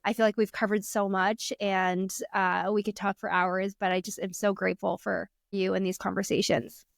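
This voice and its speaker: There's a gravelly quality to her mid-range voice, which holds a fairly level pitch at normal speed over clean studio sound with no echo. In a casual podcast interview, this thirtysomething coach earnestly tells parenting stories, acting out lines from her children.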